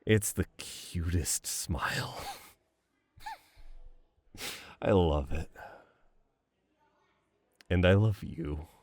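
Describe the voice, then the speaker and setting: A man's voice: low-pitched, extremely slow, long pauses, dry recording. A young man playing a boyfriend in a romantic voicemail role-play, reminiscing fondly, laughing often and swearing casually.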